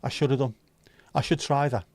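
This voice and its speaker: A man's voice: mid-range voice, steady tone, a little fast, a little mellow, dry recording. A man hosting a casual livestream, chatting loosely, reading out viewer comments and joking around with plenty of swearing. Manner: rambling, jokey, swears freely. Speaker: livestream host.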